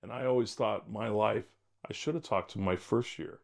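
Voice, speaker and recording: An older retired detective telling case stories in an interview, blunt and wry, rambling with many fillers. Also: male voice, lowish voice, normal speed, gravelly. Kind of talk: storytelling interview.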